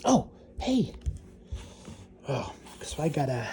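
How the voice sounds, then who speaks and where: A man vlogging casually, out of breath, halting with frequent pauses and sighs. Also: fairly high pitch, sing-song, warm tone, slight background noise. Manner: halting, pausing often, sighing. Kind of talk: casual vlog narration.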